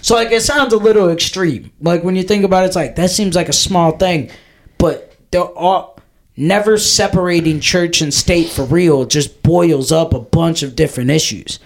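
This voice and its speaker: A man's voice: on the high side, moderate pace, gravelly. A man co-hosting a podcast in casual chat, rambling and profane, full of "like" and "dude". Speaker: podcast co-host.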